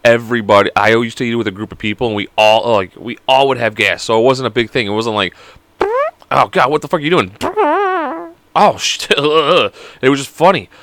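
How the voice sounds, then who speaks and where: A man's voice: mid-range voice, fairly quick, few pauses, fairly bright tone, no room sound. A young man hosting a casual solo podcast, joking around, rambling and swearing a lot. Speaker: podcast host.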